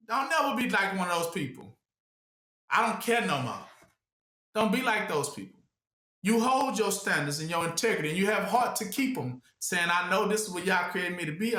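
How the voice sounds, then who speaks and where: Bright, echoey preaching man. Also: high-pitched. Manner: rhetorical questions, congregation fills the blank; casual, colloquial speech. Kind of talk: call-and-response teaching. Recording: echoey room.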